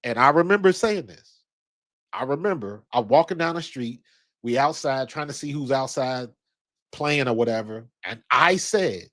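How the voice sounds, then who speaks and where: A man's voice: medium pitch, a bit bright. A man in his fifties, raised in Ohio, giving casual basketball commentary in a blunt, slangy, rambling way with some profanity. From Ohio, USA. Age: 50s. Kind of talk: casual commentary with personal storytelling.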